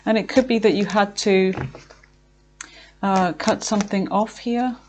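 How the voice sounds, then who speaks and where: A woman giving a casual tarot reading, chatty and filled with fillers, talking to herself as she pulls cards and sometimes slowing down to draw out her words. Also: mid-range voice, fairly even intonation, noisy background. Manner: chatty, with frequent fillers and self-talk. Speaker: tarot reader.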